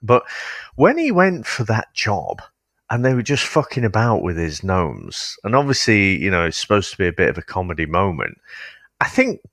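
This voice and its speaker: A man's voice: lowish voice, huge pitch swings, moderate pace, a bit bright, dry recording, studio quality. A man in casual film-review chat, blunt and swearing heavily as he thinks aloud. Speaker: podcast host.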